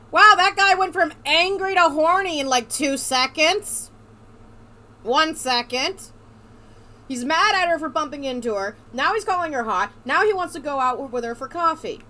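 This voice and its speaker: Playful woman host, casual game commentary, bright voice, a bit high. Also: expressive, moderate pace. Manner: joking, playful. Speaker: let's play host.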